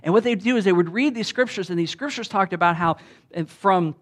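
A man preaching a sermon in a conversational way, with restarts, often rising loud when he quotes. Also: high-pitched, fairly quick. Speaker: pastor.

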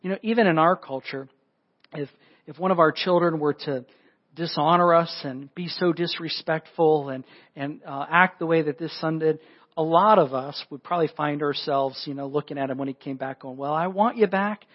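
A man preaching a sermon in an animated way, acting out the voices in the scripture with big jumps in pitch. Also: normal speed, lo-fi sound. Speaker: pastor.

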